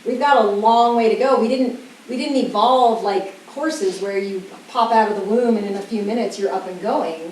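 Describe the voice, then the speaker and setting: A woman giving an animated talk to parents, sometimes acting out children's voices, recorded in a roomy school room from far off with faint hiss. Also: medium pitch, normal speed. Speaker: parenting educator.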